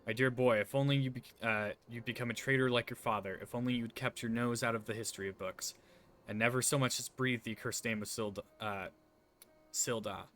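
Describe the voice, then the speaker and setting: A man's voice: medium pitch, fairly even intonation, fairly quick, a bit bright, soft background music, close to an everyday voice. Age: older. Figure: a man putting on a doom-laden grieving parent. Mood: despairing. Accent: put-on folksy accent. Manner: brooding, dramatic storytelling.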